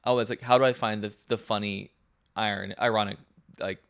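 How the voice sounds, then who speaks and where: A man's voice: lowish voice, steady tone, a little fast, a bit bright, clear, resonant tone. Young man, rambling podcast banter. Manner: rambling, self-deprecating, frequent restarts and laughs. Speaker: podcast co-host. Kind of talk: casual chat.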